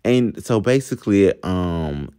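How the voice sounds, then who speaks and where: A man's voice: low-pitched, expressive, unhurried, mellow, clean tone. A young man telling a personal story in a chatty storytime vlog, talking straight to his viewers. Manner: chatty, addresses viewers as y'all, laughs at himself. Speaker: vlogger.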